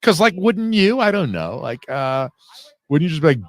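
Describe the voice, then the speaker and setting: Very animated and a little high in pitch, this man talks at a normal speed with no room sound as he riffs live on a film. His commentary is casual and profane, wandering into digressions packed with fillers.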